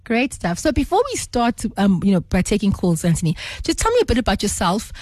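A woman's voice: mid-range voice, very animated, brisk, a little mellow, no echo. A woman hosting a radio talk show who is losing her voice, chatting with plenty of fillers. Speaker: radio talk show host, medical doctor. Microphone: studio microphone.

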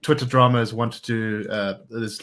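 A man's voice: fairly low pitch, fairly even intonation, moderate pace, fairly bright tone. A man co-hosting a casual chat, telling a story and filling his sentences with "kinda" and "like". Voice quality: filler-heavy, "kinda" and "like". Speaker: podcast co-host.

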